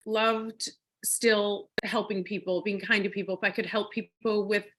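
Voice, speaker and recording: A woman's voice: mid-range voice, little pitch movement, moderate pace, a bit bright, slight background noise. A woman in her forties from Minnesota with a Minnesotan accent, telling her story in a bubbly, chatty way with many fillers and giggles. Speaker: guest speaker. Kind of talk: casual storytelling on a team call.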